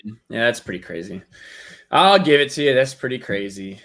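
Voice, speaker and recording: A man's voice: medium pitch, animated, fairly quick, creaky, fairly bright tone. Upbeat man hosting a charity stream. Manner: upbeat, thanking donors with fillers. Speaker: stream host. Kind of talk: casual stream chat.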